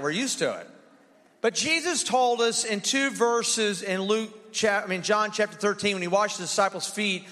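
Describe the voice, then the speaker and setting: A high-voiced male pastor delivers an energetic sermon, calling out to his congregation and getting them to repeat lines back. His tone is bright and forceful. The sound rings with a long hall reverb. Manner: energetic, call-and-response with congregation. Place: church sanctuary.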